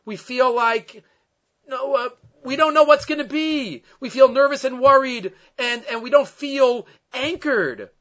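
A man with a notably high voice teaches a Torah lecture as a rabbi. He tells it with animation, weaving Hebrew verses into his English. The recording sounds dull and lo-fi. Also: a little slow, a bit bright.

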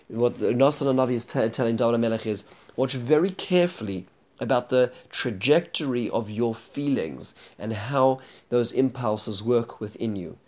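A man's voice: medium pitch, normal speed, a little mellow. A man teaching a Bible chapter, retelling the story earnestly and explaining it.

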